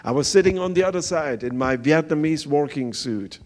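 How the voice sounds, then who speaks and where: An older man with a German accent giving an earnest sermon testimony as a visiting pastor, speaking halting English with many fillers. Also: on the high side, animated.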